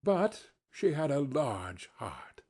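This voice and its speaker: A man voicing a gentle, solemn ghost in an audiobook, speaking quietly and slowly. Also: fairly high pitch, big pitch swings, exaggerated voice. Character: gentle solemn ghost of Christmas Past, spirit.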